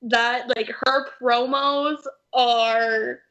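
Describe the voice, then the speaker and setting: A woman's voice: fairly high pitch, fairly even intonation, extremely slow, fairly bright tone. A young woman co-hosting a casual chat, chatty and opinionated. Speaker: podcast co-host. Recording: dull lo-fi recording.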